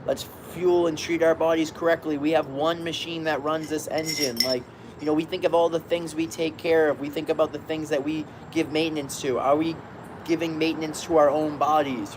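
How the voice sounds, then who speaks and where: Upbeat man, slightly high voice, chatting casually to viewers from a balcony hammock, street sounds audible behind. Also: noisy background. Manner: rambling, upbeat, greets viewers by name. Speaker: live-stream host. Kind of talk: casual live-stream chat. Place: outdoors on a balcony, lying in a hammock.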